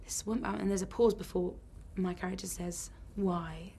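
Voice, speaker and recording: Woman, stage actress, interview anecdote, fry in the voice, faint noise. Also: medium pitch, steady tone, fairly quick, warm tone. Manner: chatty storyteller, acts out lines. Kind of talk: casual interview chat.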